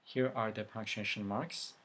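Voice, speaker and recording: A man's voice: fairly low pitch, steady tone, normal speed. A man teaching a beginner language lesson, reading letters one at a time and then explaining the rules. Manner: reads letters one by one, louder on each. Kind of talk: slow spoken language lesson.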